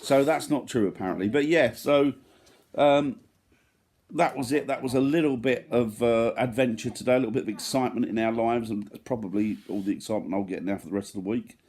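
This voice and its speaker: A man's voice: mid-range voice, brisk, a little mellow. A man in his thirties chatting casually in a family vlog, rambling and joking at his own expense. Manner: rambling, joking, self-deprecating. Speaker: vlogger.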